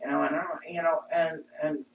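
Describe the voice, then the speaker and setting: A woman's voice: low-pitched, level tone, a little fast. A woman in her fifties, an intuitive reader and healer, talking frankly and animatedly in a casual chat, laughing often. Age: 50s. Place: studio room. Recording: roomy, distant mic, faint hum.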